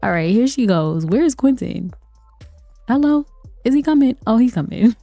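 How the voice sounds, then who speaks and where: A woman's voice: a little high, animated, fairly quick, gravelly, mellow, dry recording. A woman giving chatty let's-play commentary on a life-sim game, laughing often and talking to her viewers. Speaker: gaming video creator. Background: faint game music.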